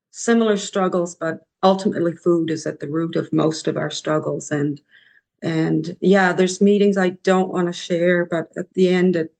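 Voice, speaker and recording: Gravelly older woman, reflective. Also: fairly low pitch, darkish tone. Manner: reflective, halting storytelling. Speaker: podcast guest. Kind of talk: personal recovery story.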